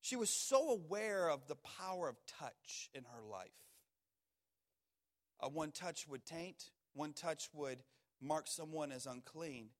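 A man preaching a sermon, swinging from hushed, slow words to loud, urgent ones. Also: fairly high pitch, lively intonation.

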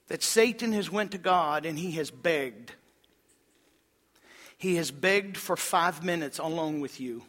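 A man, preaching a sermon as a pastor, swinging from loud emphasis to hushed, low-spoken lines. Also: big-room sound.

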